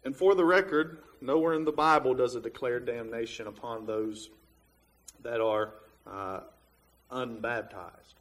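A man's voice: mid-range voice, unhurried, a bit bright. A man preaching a Bible lesson, reasoning through a verse step by step with frequent "uh"s and restarts. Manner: plain, reasoning step by step with many fillers. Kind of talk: Bible teaching sermon.

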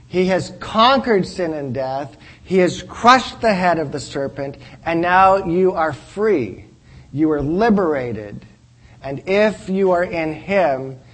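A man's voice: fairly high pitch, rough recording. A man teaching in a sermon style. He speaks earnestly, repeats key phrases for emphasis and keeps checking in with his listeners. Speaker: preacher teaching a class.

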